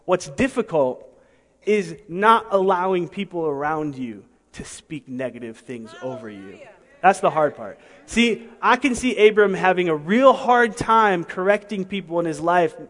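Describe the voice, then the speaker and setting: Male pastor, higher register, emphatic sermon delivery with rhetorical asides; long reverb of a large hall. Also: expressive, a little slow. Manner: emphatic, rhetorical questions, swings between soft and loud.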